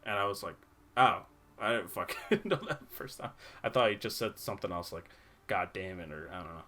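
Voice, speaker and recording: Young male podcast host, bright voice, loose and profane, full of fillers and laughs. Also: deep voice, lively intonation, a little fast. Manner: laughing, swearing, rambling with many fillers. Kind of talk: casual chat.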